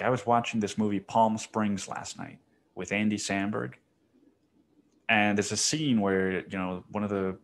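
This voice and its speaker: A young man hosting a solo podcast, rambling casually and with a lot of swearing, saying "dude" constantly. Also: on the low side. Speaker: podcast host.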